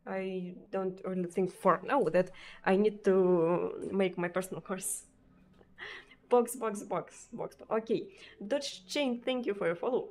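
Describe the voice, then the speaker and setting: A Russian-accented woman streaming live, talking to her chat in a loose, unhurried way. Her pitch sits in an ordinary middle range for a woman. She searches for words, repeats herself, and often drops in small fillers. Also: a little mellow. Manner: hesitant, many fillers and repeated words, frequent laughs.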